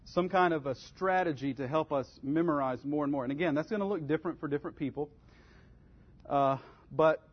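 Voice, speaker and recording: A man teaching a Bible study class in an earnest, conversational way, giving step-by-step advice. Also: on the high side. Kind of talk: practical church class teaching. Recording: dull lo-fi recording.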